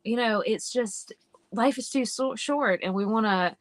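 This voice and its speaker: A woman with an Appalachian accent, a guest chatting in a casual interview over a video call, lively and laughing as she tells stories. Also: a little high, a little slow, no room sound. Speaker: guest witch and healer.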